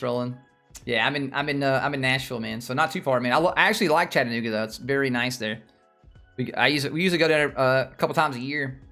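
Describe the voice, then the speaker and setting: The man hosting this casual stocks livestream has a Southern US accent and a medium-pitched voice with a sharp tone. He rambles, repeats himself, and keeps up a chat with viewers.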